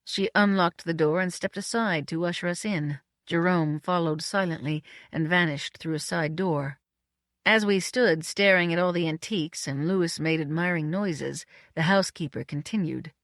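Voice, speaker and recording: A woman narrating an audiobook in a measured, dryly witty way. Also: lowish voice, a bit bright, no echo, studio quality. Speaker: audiobook reader. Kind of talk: scripted storybook narration.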